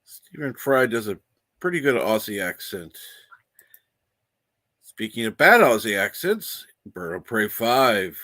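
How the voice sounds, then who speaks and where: A man's voice: fairly low pitch, very animated, slow pace, long pauses, pushed and bright, no echo. A man hosting a casual livestream, reading the chat aloud and laughing often. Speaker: livestream host.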